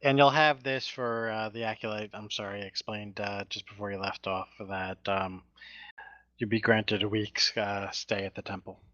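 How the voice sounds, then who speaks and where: Bright-voiced man running a tabletop game. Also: on the low side, dry recording, muffled recording. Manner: relaxed, halting narration with fillers. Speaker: dungeon master.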